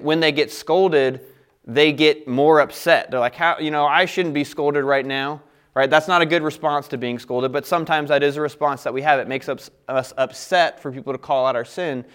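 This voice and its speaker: A man with a smooth, resonant voice teaching through a scripture passage. He sits a bit high in his register, reads verses and then talks them through in an easygoing, conversational way. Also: steady tone, brisk, a bit bright. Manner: conversational, explains scripture with frequent "all right" and restarts. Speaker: teacher of a Bible study. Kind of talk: Bible teaching.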